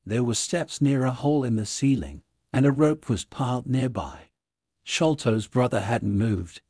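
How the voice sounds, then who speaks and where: A man reading a classic story aloud as scripted narration for English learners, in a clear, even way. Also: medium pitch, unhurried, dry recording, clean studio sound.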